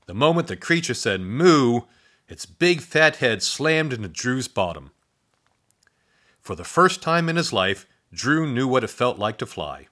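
Guy reading a kids story slow, bright voice, lots of ups and downs, playful. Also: medium pitch. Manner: expressive, playful read-aloud with sound effects. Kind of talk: storybook narration.

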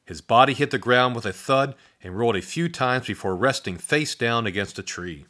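A man's voice: mid-range voice, normal speed. Playful man reading a storybook aloud. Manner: expressive, playful read-aloud with sound effects. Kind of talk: storybook narration.

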